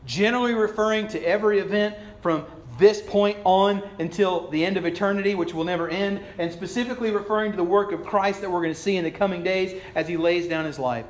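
A male pastor preaching a sermon emphatically, swinging between raised lines and hushed ones. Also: high-pitched, fast, few pauses, reverberant.

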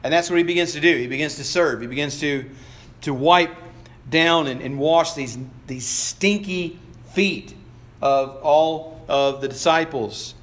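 Male pastor, high voice, conversational sermon, restarts a lot. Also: measured pace, fairly bright tone. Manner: conversational preaching with repeated restarts; acts out quoted lines in voices.

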